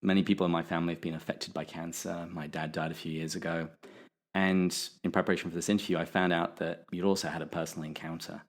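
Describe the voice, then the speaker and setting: A man's voice: deep voice, flat delivery, quick pace. A man hosting a podcast interview, asking questions in an easygoing way and laughing often. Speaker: podcast host. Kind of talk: casual interview.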